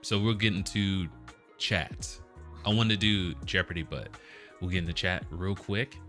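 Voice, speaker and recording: A man hosting a casual stream chat, easygoing and quick to laugh. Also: low-pitched, bright, forceful tone, faint music behind. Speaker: host.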